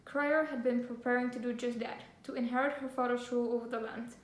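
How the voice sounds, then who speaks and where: A woman's voice: a little high, fairly even intonation, a little fast. A young woman vlogging a book haul, gushing and giggly with lots of fillers, and reading back-cover blurbs aloud. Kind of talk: casual book haul chat with read-aloud synopses. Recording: echoey room, faint ambience.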